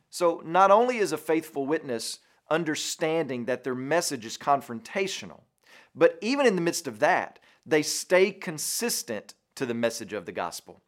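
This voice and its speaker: A man's voice: fairly high pitch, big pitch swings, moderate pace. A man delivering a short devotional sermon as a radio preacher, earnest and emphatic, stacking rhetorical questions.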